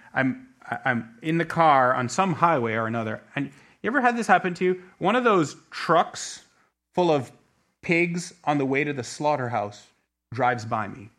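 A middle-aged man preaching a sermon, telling a story with many restarts and swinging between quiet asides and emphatic peaks. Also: mid-range voice. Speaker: pastor.

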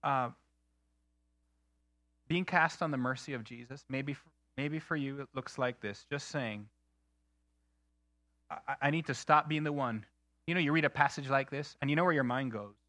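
A man preaching a sermon in an earnest, emphatic way, slowing down to stress key phrases. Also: mid-range voice, a bit bright, no echo. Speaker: pastor.

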